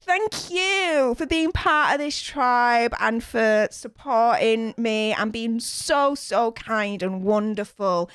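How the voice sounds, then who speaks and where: A livestream host from Northern England chats from her home room, her voice on the high side, slow and smooth with few pauses. The recording is clean and echo-free, and she's gushing and excitable, thanking viewers amid lots of fillers.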